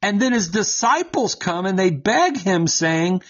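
A man teaching from the Bible to his co-hosts in a lively, conversational way, often checking in with a quick "right?" and laughing as he explains. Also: high-pitched, muffled recording. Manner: animated, keeps asking "right?" and laughs while explaining. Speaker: Bible teacher on a talk show.

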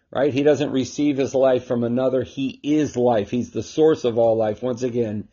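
Male host and Bible teacher, husky timbre, mid-pitched, emphatic, dull home recording. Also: fairly even intonation, moderate pace, hardly any pauses, mellow. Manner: emphatic, with frequent rhetorical "right?". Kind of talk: casual scripture teaching talk.

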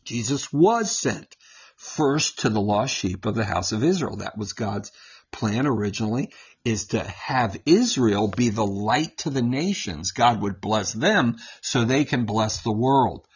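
A man teaching from the Bible to his co-hosts in a lively, conversational way, often checking in with a quick "right?" and laughing as he explains. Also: on the low side, slightly rough, lo-fi sound. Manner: animated, keeps asking "right?" and laughs while explaining. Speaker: Bible teacher on a talk show.

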